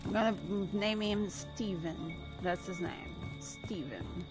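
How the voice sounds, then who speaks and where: A woman giving chatty, excitable gameplay commentary and laughing often. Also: mid-range voice, slow, pauses often, over music. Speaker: gamer.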